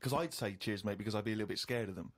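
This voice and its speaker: A man telling a comic anecdote on a podcast in an animated, exasperated way. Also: fairly low pitch, racing. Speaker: podcast co-host. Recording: audible background noise.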